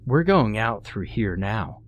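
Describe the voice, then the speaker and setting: A man's voice: fairly low pitch, animated, slow pace, no echo. A man voicing a frightened, irritable burly young man who keeps pleading and complaining as they explore. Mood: stern, urgent.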